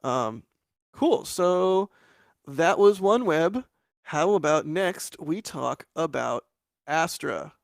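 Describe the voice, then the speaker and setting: A man co-hosting a casual live show, upbeat and quick to laugh, with many fillers. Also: on the high side, animated, creaky, no echo, clean studio sound. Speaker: co-host.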